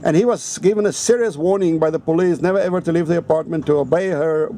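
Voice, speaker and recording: Gravelly, profane man ranting a story. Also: a little high, fast talker, dark tone, a little hiss or hum. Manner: rambling, profane, heavy swearing. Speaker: vlogger. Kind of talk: casual storytelling rant.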